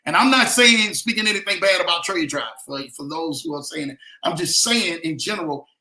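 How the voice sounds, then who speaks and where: Brief: slangy livestream host, a man, high bright voice, echoey room. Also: a little fast. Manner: animated, slangy, speaks of himself in third person. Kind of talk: casual livestream chat reading comments.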